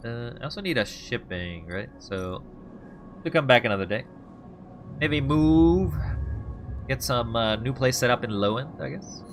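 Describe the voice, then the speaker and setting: A man's voice: medium pitch, expressive, normal speed, fairly bright tone, soft background music. A man playing a video game, reading its story text aloud and musing to himself in an offhand, casual way. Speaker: let's play streamer.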